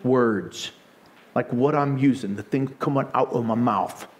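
A man preaching a sermon with animated storytelling and frequent laughter. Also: medium pitch, unhurried.

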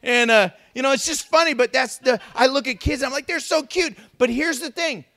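A man's voice: very high voice, fairly quick, creaky, a bit bright. A male pastor preaching a sermon, joking and acting out voices of babies and critics as he goes.

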